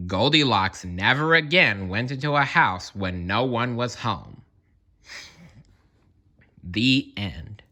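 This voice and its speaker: Guy reading a kids story out loud, slow and bouncy, bright tone, chats to the listener. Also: medium pitch, expressive. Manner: playful, addresses listener directly. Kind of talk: children's read-aloud narration.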